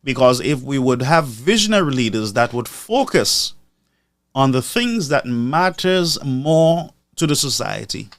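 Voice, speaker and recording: Slow, deliberate man. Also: mid-range voice, animated, no room sound, clean studio sound. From Saint Lucia. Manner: deliberate, repeats figures for emphasis. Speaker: commentator. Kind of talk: live stream commentary.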